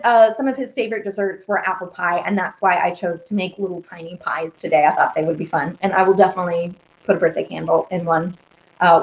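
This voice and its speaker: A woman's voice: medium pitch, a bit bright. A young woman chatting casually with viewers while she bakes, rambling and giggly. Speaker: live-stream baking host. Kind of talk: casual chat while baking. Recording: roomy, slightly dull sound.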